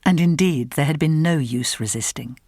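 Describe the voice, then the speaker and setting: A woman narrating a literary novel in an audiobook, with measured, even storytelling. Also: low voice, breathy edge, no room sound, studio quality.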